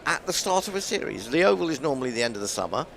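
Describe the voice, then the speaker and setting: A man's voice: medium pitch, big pitch swings, very fast, creaky, fairly bright tone, slight background noise. A man doing ball-by-ball cricket commentary, chatting and musing aloud as he calls the play.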